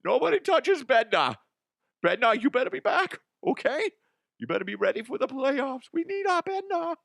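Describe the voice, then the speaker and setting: A squeaky, excitable male fan in a made-up accent, as a man puts him on, pitched far above a normal speaking voice and pushed loud. He sounds insistent and protective, almost pleading, and a little distant from the mic. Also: moderate pace, creaky, no echo, clean studio sound, full character voice.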